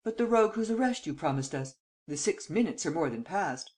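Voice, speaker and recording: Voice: medium pitch, animated, darkish tone, lightly acted. A reader voicing a blustering, impatient French premier. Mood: baffled. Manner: blustering, quick to exclaim.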